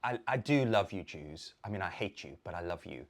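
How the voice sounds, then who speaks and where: Expressive and brisk, a YouTuber unleashes a rant to camera filled with constant swearing. His delivery lurches from loud bursts to quiet mutters, with the same words repeated again and again.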